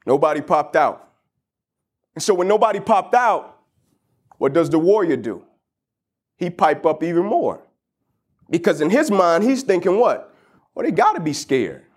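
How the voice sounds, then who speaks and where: A man's voice: high voice, animated, unhurried, pauses often, husky. A man giving a motivational talk, retelling a story in casual slang with rhetorical questions. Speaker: motivational speaker.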